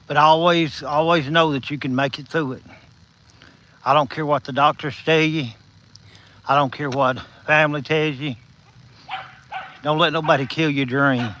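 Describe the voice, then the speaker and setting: A slightly high, steady voice with a fairly bright tone comes at a moderate pace, broken by long pauses. The Southern-accented man is livestreaming on a night walk, insects in the background, encouraging viewers by name in a folksy way while a bit out of breath and slurring without his top teeth. There's a little hiss or hum on the low-quality audio.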